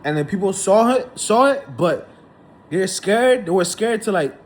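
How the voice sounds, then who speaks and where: A man with a notably high-pitched voice holds forth in a heated, indignant monologue. He circles back over the same points again and again, stacking up repetitions as he goes. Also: animated, a little slow. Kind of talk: ranting monologue to camera.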